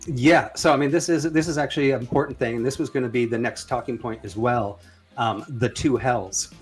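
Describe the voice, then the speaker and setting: A man's voice: mid-range voice, steady tone, a little fast, slightly rough, soft background music. Hesitant man hosting a religion discussion. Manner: hesitant, many fillers and restarts. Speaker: debate host. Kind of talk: casual discussion.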